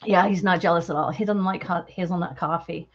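A woman's voice: fairly low pitch, steady tone, brisk, muffled recording. A woman hosting a crafting livestream, chatting casually with viewers in a bubbly, chatty way and laughing often. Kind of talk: casual chat with live viewers.

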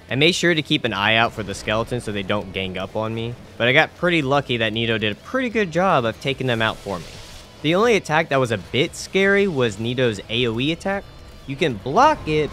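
A man's voice: mid-range voice, fairly bright tone. A man narrating his own gameplay in a dry, sarcastic voice-over, swearing casually. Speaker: gaming YouTuber.

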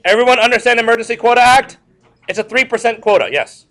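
A man's voice: extremely high pitch, fast talker. A man teaching a history lecture to a class, repeating key points and joking with students. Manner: repetitive, animated, joking asides to students.

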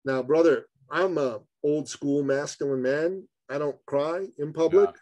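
A man telling a story as a podcast guest, animated and addressing the host as brother. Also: fairly high pitch, a little slow, no echo, rough recording.

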